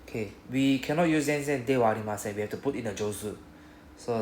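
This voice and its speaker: A man's voice: medium pitch, a little mellow, slight background noise. Singaporean man teaching Japanese in an echoey classroom. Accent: Singaporean English. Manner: patient, explains step by step, drills phrases slowly.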